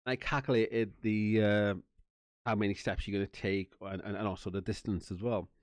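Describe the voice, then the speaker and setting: Telling a long, rambling personal story, this channel host from Wales swears freely, laughs, and voices the other people involved. He speaks at a normal speed with a lowish voice and fairly even intonation; the recording is dry.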